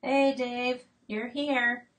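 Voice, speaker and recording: A woman's voice: on the high side, level tone, drawn-out words, a bit bright, far from the mic, rough recording. A woman in her late forties hosting a casual live-stream chat from her homestead, reading out viewer comments with plenty of fillers and restarts. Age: late 40s. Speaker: homestead channel host.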